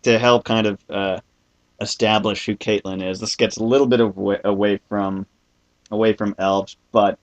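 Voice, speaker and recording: A man's voice: lowish voice, level tone, normal speed. A man hosting a podcast in casual chat, joking and self-mocking and laughing often. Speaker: podcast host.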